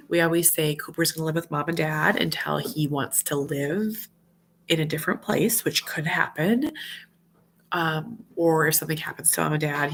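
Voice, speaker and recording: Gravelly-voiced mom with a slight cold. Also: female voice, deep voice, a bit bright, a little hiss or hum. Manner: earnest, heartfelt, rambling. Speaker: mom vlogger. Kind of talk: casual livestream chat.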